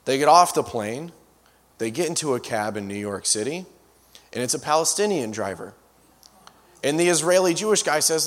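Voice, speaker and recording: A man's voice: on the high side, animated, normal speed, pauses often. A man preaching as a guest speaker, telling stories with frequent restarts and asides. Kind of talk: storytelling sermon. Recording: long reverb of a large hall.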